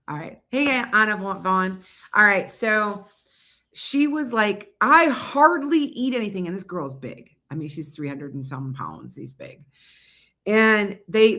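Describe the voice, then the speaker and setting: A woman's voice: fairly low pitch, pushed and bright. A woman giving psychic readings on a casual livestream, chatting loosely and often losing her train of thought. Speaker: psychic reader.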